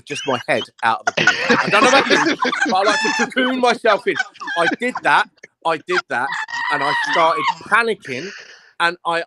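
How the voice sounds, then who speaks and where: Man, animated, laughing, crude, swooping pitch. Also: noisy background. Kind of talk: casual storytelling.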